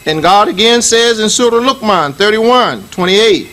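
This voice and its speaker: High-voiced preaching American imam. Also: male voice, animated, unhurried, a bit bright, rough recording. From United States. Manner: emphatic preaching with repetition and call-outs; recites Arabic scripture. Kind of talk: Friday sermon. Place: mosque.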